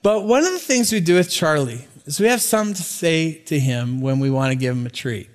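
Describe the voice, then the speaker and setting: A man's voice: fairly high pitch, animated, fairly quick. A middle-aged man preaching a sermon as pastor, conversational and joking, often stumbling over repeated words. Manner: conversational, stammers on repeated words, jokes with the congregation.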